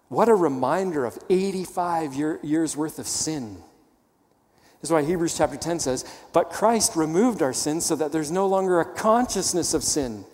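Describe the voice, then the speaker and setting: A man's voice: on the high side, darkish tone. Emphatic preacher man, long hall echo. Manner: emphatic, teaching with rhetorical questions. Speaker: pastor. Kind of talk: sermon.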